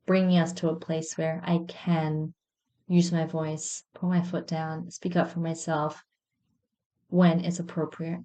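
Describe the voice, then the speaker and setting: A woman's voice: low voice, little pitch movement, unhurried. A woman in her thirties, host of a podcast, candidly telling a personal story in a reflective monologue. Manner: candid, reflective, with soft self-mocking laughs.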